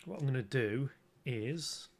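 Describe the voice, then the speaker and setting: A man hosting a relaxed livestream, talking viewers through his makeup at an unhurried pace. His chat rambles and mocks himself, often restarting sentences. His pitch sits in an ordinary middle range. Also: gravelly. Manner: rambling and self-mocking, with repeated restarts. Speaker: streamer. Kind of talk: casual livestream chat during a makeup tutorial.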